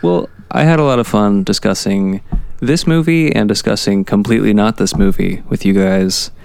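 Low, gravelly man with dry, close sound. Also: moderate pace, a little mellow. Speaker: podcast co-host. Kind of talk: casual podcast chat.

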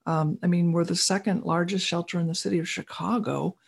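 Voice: mid-range voice, steady tone, a little fast, creaky. An interviewer asking questions and reacting in a friendly, enthusiastic conversational way. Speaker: interviewer, producer.

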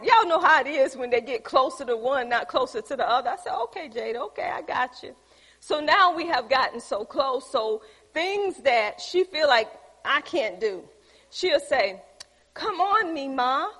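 Older woman, sermon, lively storytelling, high voice, long echo of a church hall. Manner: lively storytelling, acting out quoted voices, chuckling often. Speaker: preacher. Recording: echoey hall.

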